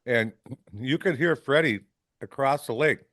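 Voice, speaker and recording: A man's voice: medium pitch, unhurried, fairly bright tone, dry recording, studio quality. A man from Wisconsin, a fishing guide, telling rambling stories on a podcast, often ending lines with "right?" and acting out salty quotes. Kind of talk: casual storytelling. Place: podcast studio.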